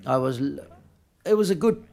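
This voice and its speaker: A man answering questions at a film press conference, speaking haltingly and often restarting and correcting himself. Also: fairly high pitch, expressive, creaky, a little mellow.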